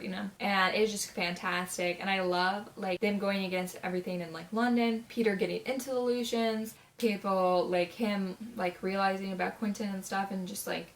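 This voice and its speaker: A nineteen-year-old woman reviewing a movie in a casual vlog, gushing and chatty, her sentences full of filler words, now and then jumping into loud, high exclamations. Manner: chatty, gushing, full of "like" and "you know what I mean".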